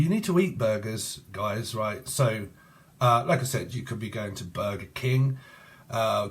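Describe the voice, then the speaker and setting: A man with an English accent giving a rambling tarot reading in a casual way, jumping between loose associations and crude jokes. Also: fairly low pitch. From Cambridgeshire, England. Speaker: tarot reader.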